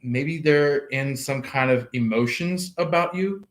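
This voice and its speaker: A man giving a casual tarot reading, wandering slowly through his thoughts with many fillers and dropping to a soft hush when he voices imagined people. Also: medium pitch. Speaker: tarot card reader.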